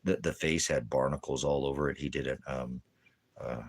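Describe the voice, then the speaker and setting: A man vlogging in casual chat, rambling and repeating himself with halting restarts. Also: very deep voice, steady tone, creaky, slightly rough.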